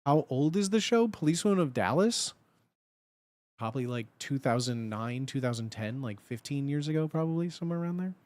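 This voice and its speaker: A man's voice: medium pitch, animated, brisk, a little mellow. A man in his thirties chatting casually on a livestream, blunt and profane, and laughing often.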